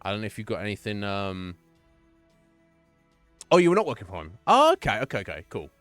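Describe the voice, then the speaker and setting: Lively, swearing streamer man. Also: on the low side, no room sound, faint music behind. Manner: chatty, profane, quick to laugh. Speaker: Twitch streamer. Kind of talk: casual live-stream chat with viewers.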